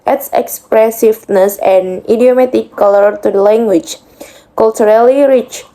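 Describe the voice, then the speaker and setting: A woman's voice: fairly high pitch, mellow, poor audio. A young woman reading out a class presentation on English idioms, moving through slide headings in a list-like cadence. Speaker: student presenter.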